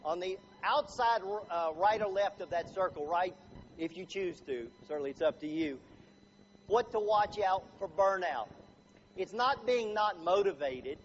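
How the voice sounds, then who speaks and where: A middle-aged man giving a seminar talk to a live audience, animated and jokey, acting out little scenes. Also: sits high, a little slow, a little hiss or hum. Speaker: motivational speaker. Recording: dull lo-fi recording, faint ambience.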